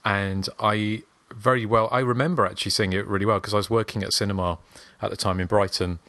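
A middle-aged man on a film podcast, relaxed and unhurried as he tells a story. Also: fairly low pitch, no echo. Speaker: podcast co-host. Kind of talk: casual storytelling.

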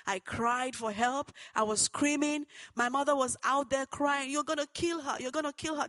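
A woman giving an earnest personal testimony that turns into preaching, moving between hushed and loud, fervent passages. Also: a little high, no room sound, low-quality recording. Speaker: testimony speaker.

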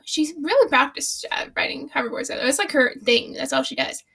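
A young woman co-hosts a loose, chatty book discussion, with a high voice and plenty of gravelly fry. Her tone is bright and sharp, and she swears and laughs freely as she recaps. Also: lively intonation, fairly quick. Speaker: podcast co-host. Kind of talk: casual book-club chat.

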